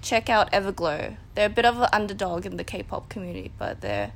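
Soft-spoken woman in a casual chat. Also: medium pitch, sing-song, fairly quick. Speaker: podcast guest.

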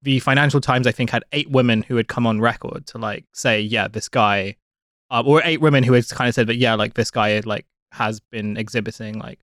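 A man talks through a story on a podcast, leaning on "like" as he goes. His voice is mid-pitched and close, with a dry studio sound. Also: a little fast, few pauses, fairly bright tone, dry recording. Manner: chatty, many "like" fillers. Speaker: podcast co-host. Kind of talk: casual podcast chat.

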